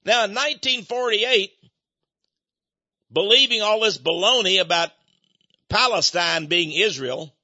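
Folksy older man, high bright voice. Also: lively intonation, measured pace, long pauses, dry recording. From United States. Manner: folksy, rambling, chuckles between points. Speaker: speaker. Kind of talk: opinionated monologue. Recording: dull lo-fi dry recording.

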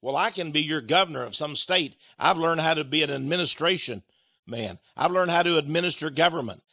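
A man's voice: a little high, a little fast, pushed and bright, dry recording. A preacher playing an eager man listing his skills. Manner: pleading, listing skills with stammers.

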